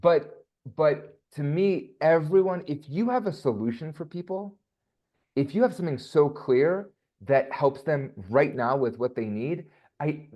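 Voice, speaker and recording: A man talking casually as an interview guest, animated and chatty with quick asides. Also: on the high side, lo-fi sound. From United States.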